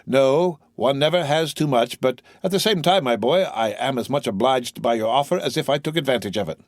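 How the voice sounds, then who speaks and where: A greedy young tailor with a broad Marseille accent, as a man puts him on, pitched noticeably higher than the reader's own voice. He is overly hearty and fawning, with an insinuating edge under the friendliness. His delivery swings widely in pitch in this audiobook. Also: animated, brisk, no echo, clean studio sound, close to an everyday voice.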